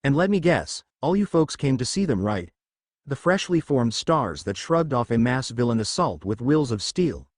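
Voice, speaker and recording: A man voicing a loud, excitable male stadium announcer hyping a crowd in a fan-fiction reading. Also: medium pitch, moderate pace, dry recording, studio quality. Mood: hyped. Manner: hyped announcer patter.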